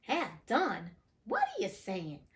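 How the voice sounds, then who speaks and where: A woman's voice: a little high, wildly swooping pitch, slow, heavily acted. A woman voicing a good, trusting, naive mouse in a storybook reading, earnest and puzzled.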